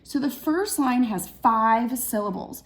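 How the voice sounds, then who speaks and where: A young woman teacher talks to young children in a recorded class lesson. She speaks patiently and slowly, sounding out each word and clapping the syllables. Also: on the high side.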